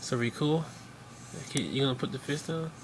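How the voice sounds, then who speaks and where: A man's voice: medium pitch, moderate pace, noisy background. A man talking to his sick baby in a casual home video, teasing and soothing him with slangy banter. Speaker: father filming his baby.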